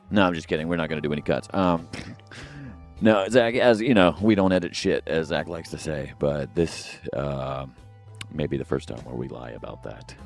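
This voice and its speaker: A man's voice: extremely low pitch, gravelly. A man co-hosting a podcast alone, rambling casually with jokes and filler words. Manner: rambling, jokey, lots of fillers and asides. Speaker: podcast co-host. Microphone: headphones and studio mic.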